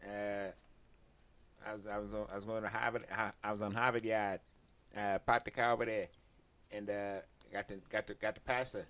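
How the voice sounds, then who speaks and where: A man's voice: lowish voice, little pitch movement, normal speed, fairly bright tone, close to an everyday voice. A man putting on a brash Boston townie. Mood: bantering. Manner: clipped, tossing in 'guy' at every turn.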